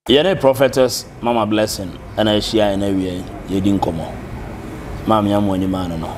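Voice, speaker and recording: A man's voice: on the low side, steady tone, normal speed, darkish tone, slight background noise. A man with a Ghanaian accent hosting an interview, giving brief acknowledgments and asking probing questions. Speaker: interview host.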